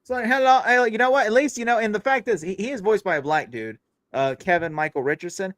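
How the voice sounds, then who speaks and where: A young man hosting a casual chat, rambling quickly and swearing freely. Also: high voice, a bit bright, no echo. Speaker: podcast host.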